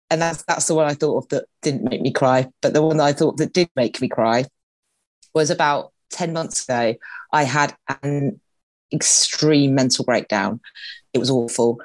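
A woman's voice: extremely low pitch, a little mellow, no room sound. A woman in her forties, a podcast guest, telling candid, emotional personal stories and laughing through tears. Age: 40s.

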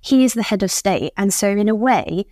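A woman's voice: medium pitch, animated, normal speed, darkish tone, dry recording, studio quality. Articulate British woman explaining politics. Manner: articulate, explanatory, acts out quoted speakers. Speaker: think tank policy expert, guest. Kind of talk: podcast conversation.

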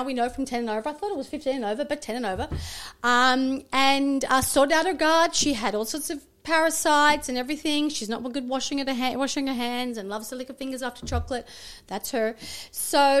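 A middle-aged woman speaks as a guest in a relaxed interview, her voice pitched high. She tells stories with lively energy and slips into the voices of the people in them. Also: fairly quick. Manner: animated storytelling, acting out family voices. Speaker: guest, naturopath and nutritionist. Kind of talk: casual interview chat.

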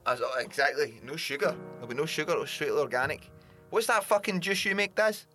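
A man's voice: fairly high pitch, a little fast, pushed and bright, faint music behind. A man co-hosting a casual podcast, joking, swearing freely and laughing often. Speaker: podcast co-host.

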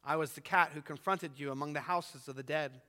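A man voicing a vast, solemn male lion who speaks slowly and gravely, heard with long reverb. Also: fairly high pitch, sharp tone.

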